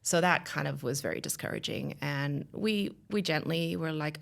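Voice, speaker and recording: Woman, 30s, podcast guest; low, strongly gravelly voice, earnest, rambling delivery. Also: moderate pace. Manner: earnest, rambling with many restarts and fillers. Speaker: guest telling her story. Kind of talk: podcast interview, personal story.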